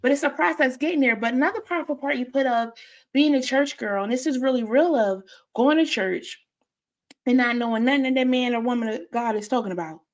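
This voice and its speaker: High-pitched woman host, encouraging and affirming toward her guest. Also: a little fast. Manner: warm, encouraging, sings a snatch of a hymn. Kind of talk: talk show conversation.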